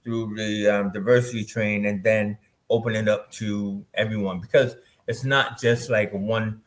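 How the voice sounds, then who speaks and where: A man's voice: lowish voice, fairly even intonation, unhurried. A man, a filmmaker guest in an interview, easygoing and laughing often. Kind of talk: casual interview chat.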